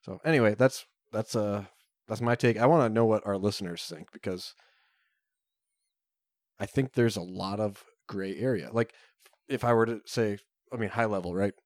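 A man's voice: on the low side, moderate pace, long pauses, dry recording, studio quality. A man co-hosting a podcast, chatting casually, rambling with many fillers and restarts. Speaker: podcast co-host. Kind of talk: casual chat.

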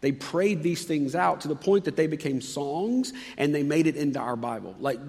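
A man's voice: lively intonation, moderate pace, creaky. Dramatic preacher man in a reverberant hall. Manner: dramatic storytelling, swinging from loud highs to hushed lows. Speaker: pastor. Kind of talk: sermon.

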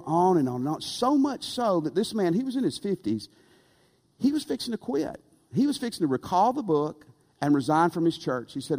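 A man preaching a sermon, animated and rhetorical, asking the congregation for amens. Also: a little high, normal speed. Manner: animated, rhetorical, calls for amen. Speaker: pastor. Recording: long reverb of a church hall.

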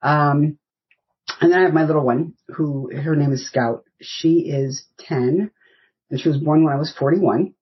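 A woman's voice: deep voice, measured pace, breathy edge, muffled recording. A woman in her fifties from the United States, a podcast guest telling rambling, anecdotal stories in casual interview chat. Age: 50s.

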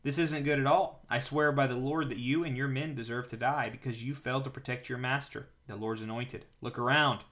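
A man's voice: medium pitch, steady tone, a little fast, hardly any pauses, fairly bright tone, lightly acted. A man reading bold young warrior David. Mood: taunting. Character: young male warrior-king, bold and pleading.

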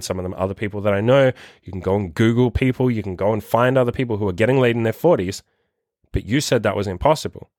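Guy in his 30s ranting fast and swearing a lot, coaching vibe, dry close mic. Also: mid-range voice, no echo. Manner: profane, forceful, rambling. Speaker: dating coach podcast host. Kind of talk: blunt motivational monologue.

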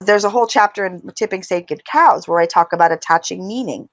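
A middle-aged woman, an interview guest and author, talking in an animated way and acting out inner voices. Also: mid-range voice, a little fast, dry recording. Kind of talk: conversational interview.

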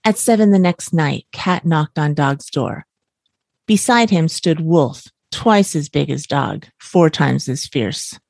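Calm woman reading a bedtime story. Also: low voice, slow pace, vocal fry, dry recording, studio quality.

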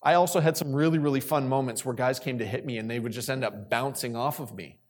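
A man's voice: mid-range voice, quick pace. A man giving a sermon to a youth group, asking the listeners questions and repeating key phrases for emphasis. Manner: asks questions and calls on listeners. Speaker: youth speaker.

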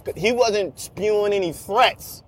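A young man telling a story in a casual, profane, animated rant, repeating himself a lot. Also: high-pitched, measured pace, slightly rough.

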